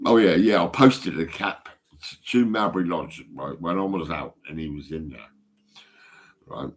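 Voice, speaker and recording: Man, very low husky voice, rambling, swearing, phone-recorded monologue. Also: unhurried. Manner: swearing, rambling, repeats himself. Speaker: vlogger.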